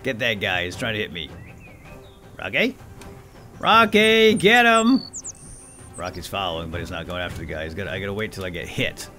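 A man hosting a gameplay video, muttering quietly to himself and then shouting with excitement. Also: sits low, rapid-fire, few pauses, soft background music. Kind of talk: excited let's-play commentary.

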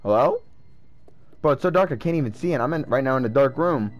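A man giving casual gameplay commentary, excitable and swearing as he talks to himself. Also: medium pitch, fast talker, faint music behind. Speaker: let's play gamer.

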